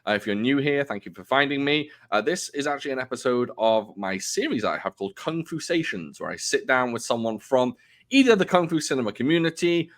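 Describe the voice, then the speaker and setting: A man's voice: mid-range voice, lively intonation, fairly quick. A man hosting a casual interview podcast, rambling a little and interrupting himself with fillers. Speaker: podcast host.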